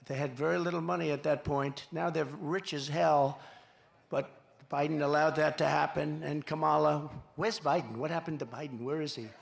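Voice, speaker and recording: A man giving a campaign rally speech in a boastful, rambling, repetitive way, sometimes shouting to the crowd. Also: fairly high pitch, steady tone, normal speed, creaky. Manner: boastful, repetitive, rambling, quoting others in asides; shouting to a cheering crowd at times. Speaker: political candidate at a rally. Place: large rally venue. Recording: echoey venue with faint background noise.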